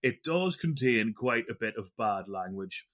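A man's voice: fairly low pitch, animated, measured pace, a bit bright. Rambling self-mocking man hosting a podcast. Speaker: podcast host. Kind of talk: casual chat.

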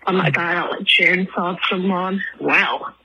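A woman's voice: fairly low pitch, measured pace, bright, forceful tone, husky, muffled recording. A woman from England leaving a rambling phone voicemail for a podcast while out of breath from walking her dog. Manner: rambling, lots of ums and likes. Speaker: caller.

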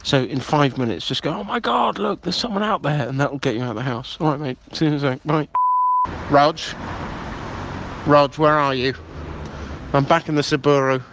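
A man's voice: mid-range voice, steady tone, normal speed, pauses often, a bit bright, slight background noise. A man leaving pushy, conspiratorial voicemails, calling the listener mate. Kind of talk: improvised comedy voicemail. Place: car.

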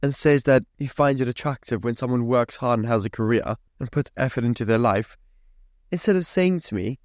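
A man's voice: mid-range voice, a little fast, a little mellow, no echo, studio quality. A young man hosting a podcast, ranting in a sweary, mock-indignant way. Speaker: podcast host. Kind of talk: solo podcast rant.

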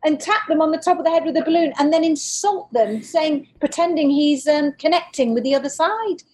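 A woman in her fifties from northern England, a podcast host chatting in a cheeky, animated storytelling way. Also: high voice, fairly quick. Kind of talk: casual chat.

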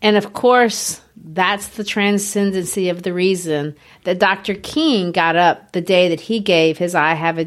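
A woman in an explanatory discussion of history, talking in an earnest, emphatic way. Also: medium pitch.

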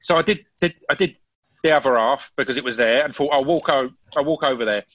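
Chatty man, bright dry voice. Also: mid-range voice, fast, no echo, muffled recording. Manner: animated storytelling with frequent restarts. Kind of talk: casual chat.

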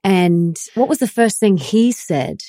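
A woman in her thirties telling a deeply personal story in an earnest, emotional way, with many "like" fillers. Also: lively intonation, a little slow, warm tone, dry recording, studio quality. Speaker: podcast host.

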